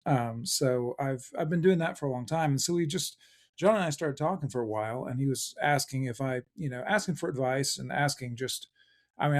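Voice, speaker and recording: A man's voice: mid-range voice, darkish tone. Rambling man, guest author. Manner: rambling, many fillers and restarts. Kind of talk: casual interview chat.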